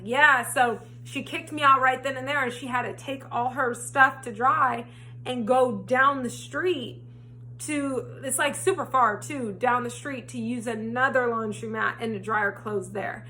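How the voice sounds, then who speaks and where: A young woman vlogger telling a personal storytime in a casual, animated way that rises to indignation. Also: fairly high pitch, normal speed, a little hiss or hum. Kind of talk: storytime vlog. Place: home, frogs heard outside.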